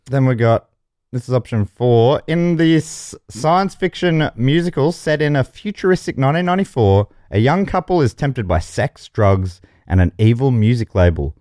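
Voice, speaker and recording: Lively jokey male game show host. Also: mid-range voice, normal speed, no echo, studio quality. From Australia. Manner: jokey, chuckles mid-sentence. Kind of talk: comedy podcast banter, reading quiz options.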